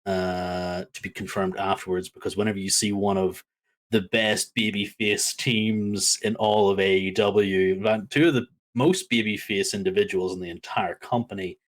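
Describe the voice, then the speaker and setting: A man co-hosting a wrestling podcast, talking casually in an animated, rambling way with many fillers. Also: low voice, moderate pace. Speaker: podcast co-host.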